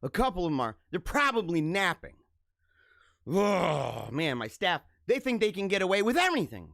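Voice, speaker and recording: A man's voice: sits high, wildly swooping pitch, normal speed, creaky, fairly bright tone, dry recording, studio quality. A middle-aged man hosting his own live show, talking casually in a joking, emotional way with many restarts. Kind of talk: casual live-stream monologue.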